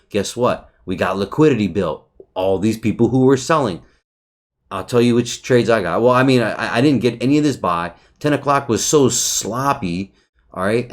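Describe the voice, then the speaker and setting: A man casually reviewing a trading chart, talking loosely, swearing often, restarting phrases and checking in with "right?". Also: fairly low pitch. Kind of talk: casual market recap over a chart.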